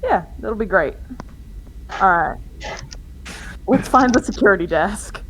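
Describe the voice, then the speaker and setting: A woman's voice: medium pitch, animated, a little slow, noisy background. A woman playing a tabletop game in casual chat, steering what the group does next. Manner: casual, leading the group's actions. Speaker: player.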